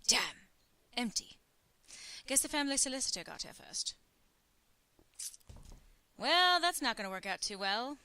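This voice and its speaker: A woman voicing a wry, rambling male gentleman thief in a put-on English accent that wavers, speaking his lines with dry, self-mocking humor in a game. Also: high voice, big pitch swings, unhurried, long pauses, clear, resonant tone, exaggerated voice. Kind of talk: in-character game voiceover.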